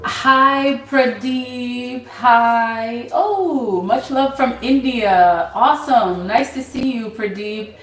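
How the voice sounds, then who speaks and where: A woman hosting a casual tarot livestream, reading viewers' names from the chat and answering them in an unhurried way. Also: on the high side, a bit bright, echoey room, distant mic, poor audio. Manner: unhurried, reads chat names aloud, laughs easily.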